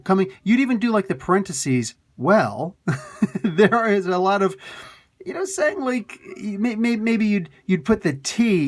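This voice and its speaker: Ranting man with a raised voice. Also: on the high side. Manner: exasperated ranting with incredulous outbursts; halting, repeats words. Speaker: comic book reviewer. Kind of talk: casual rambling review.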